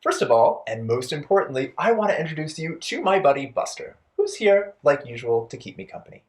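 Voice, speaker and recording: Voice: medium pitch, very animated, fairly quick. A storytime host for young children, playful and encouraging, speaking directly to the kids and leading rhymes.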